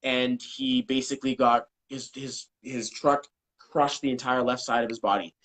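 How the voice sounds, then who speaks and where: A man speaking as a numerology coach in a casual live-stream interview, talking in an animated way, cursing and acting out what people said. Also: medium pitch, moderate pace, low-quality recording. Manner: animated, swears, acts out quotes. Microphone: video call.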